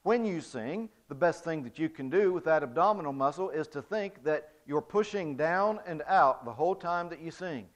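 A man giving a demonstrative spoken voice lesson to a church congregation, moving from soft to loud to show his points. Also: on the high side, lively intonation, moderate pace, few pauses. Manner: demonstrative, explains with physical examples, swings from soft to loud. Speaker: church music director teaching singing. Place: church sanctuary. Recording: dull lo-fi recording.

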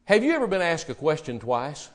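A man preaching a sermon, swinging between loud, emphatic address to the congregation and hushed, quiet retellings of dialogue. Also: a little high, big pitch swings, brisk.

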